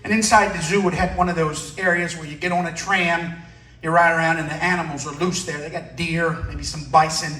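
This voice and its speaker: A man doing a stand-up comedy set, telling a story with shouted screams and acted-out dialogue. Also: a little high, fairly even intonation, brisk. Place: comedy club stage. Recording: echoey club from a distance.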